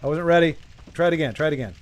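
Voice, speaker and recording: A man's voice: fairly high pitch, very fast, a little hiss or hum. A man streaming a game, joking, rambling and talking back to his chat as he plays. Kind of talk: casual gameplay commentary.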